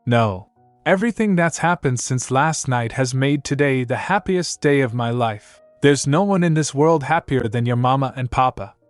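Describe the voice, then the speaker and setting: A man voicing a gentle, soft-spoken father. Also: medium pitch, expressive, normal speed, dry recording, soft background music, natural voice. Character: gentle, emotional father of a princess.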